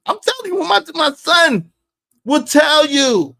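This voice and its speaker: A man with a very high-pitched, gravelly, sharp voice speaks a little slowly in a sing-song manner. Hosting a livestream, he delivers an opinionated rant in a preachy, emphatic style, repeating lines for effect.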